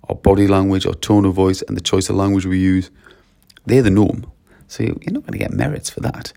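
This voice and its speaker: Male teacher trainer, lowish gravelly voice, animated coaching delivery. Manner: animated, coaching, uses lively quoted voices. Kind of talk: talk to teachers.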